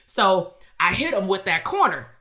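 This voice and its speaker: A woman business coach speaks at normal speed in a bright, forceful, mid-range voice with big pitch swings. Her motivational live-stream talk centers on a blunt, streetwise story, with rhetorical questions driving her points home.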